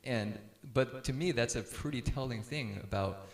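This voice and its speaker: A man's voice: medium pitch, moderate pace, creaky, echoey room. A middle-aged man speaking casually to a group about parenting, telling stories and laughing easily as he acts out quotes.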